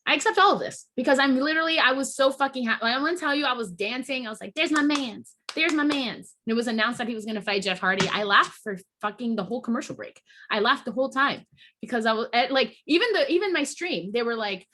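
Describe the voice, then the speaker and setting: Woman, podcast host, casual rant, fired-up, swears a lot, bright edgy voice, slightly high. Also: fast talker. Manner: heated, profane, emotional venting with restarts.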